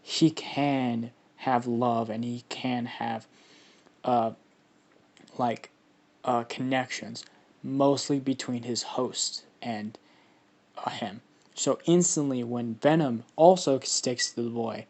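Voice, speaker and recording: A man's voice: medium pitch, darkish tone. A man improvises a fan story in a loose, rambling way. He swears freely and leans on fillers as he goes.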